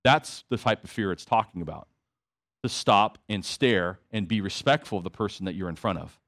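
A man's voice: lowish voice, moderate pace, a bit bright. A man preaching a sermon to his congregation, conversational with emphatic repetition and asides. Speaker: pastor.

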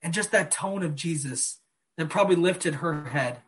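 A man preaching a sermon, earnest, slowing down and dropping soft on key phrases. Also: fairly high pitch. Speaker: pastor.

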